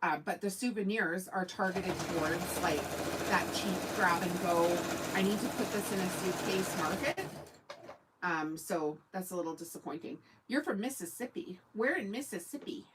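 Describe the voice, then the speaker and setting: A Canadian woman hosts a casual sewing livestream on her channel, rambling as she answers viewers' comments. Her voice is on the low side at a moderate pace, with heavy background noise.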